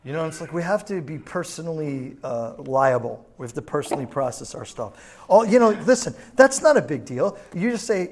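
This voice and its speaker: A male pastor delivers a sermon in a church sanctuary, his voice sitting a little high for a man. He swings between low, confiding asides and loud, emphatic climaxes, pressing his points on the congregation. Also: expressive, moderate pace. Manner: rising to loud emphatic preaching, then dropping low.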